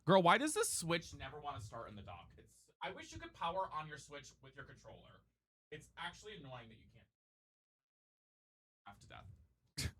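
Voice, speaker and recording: A male streamer chatting casually with his viewers, his voice lively and swinging up and down. The tone is bright and slightly higher than most men's, and he slips easily into exasperated rants. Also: fast, breathy edge, dry recording. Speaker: live streamer. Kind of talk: casual chat while gaming. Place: room at home.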